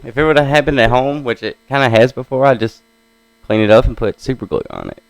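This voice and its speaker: Gravelly young man, laid-back chat. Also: medium pitch, sing-song, fast, dry recording, poor audio. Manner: laid-back, slangy, says bro and dude. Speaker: podcast co-host. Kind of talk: casual chat.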